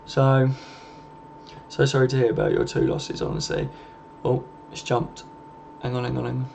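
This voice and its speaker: A man's voice: medium pitch, very animated, moderate pace, gravelly, a little mellow. A man hosting a casual live stream, chatty and matey, swearing freely and calling his viewers mate. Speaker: live stream host reading viewer comments. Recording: slightly muffled with faint background noise.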